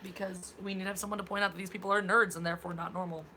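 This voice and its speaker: A woman co-hosting a casual live-stream chat, playful and quick to laugh, with plenty of fillers. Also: medium pitch, little pitch movement, bright, forceful tone, slight background noise. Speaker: podcast co-host.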